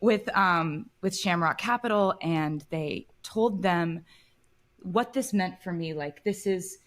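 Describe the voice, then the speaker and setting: A woman's voice: fairly low pitch, slow pace. Woman telling an emotional story. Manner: emotional, animated retelling. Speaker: interview guest. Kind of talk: casual podcast storytelling.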